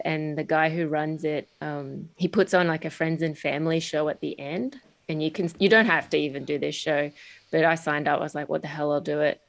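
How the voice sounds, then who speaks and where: Comedian woman, 30s, low pitch; casual, filler-heavy, self-deprecating podcast chat. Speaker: stand-up comedian guest.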